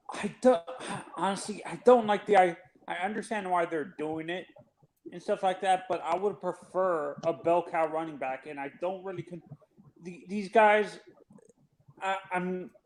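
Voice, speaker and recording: High-voiced man, blunt and halting. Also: slight background noise, low-quality recording. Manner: blunt, hesitant restarts. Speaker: podcast guest. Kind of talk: casual sports podcast chat.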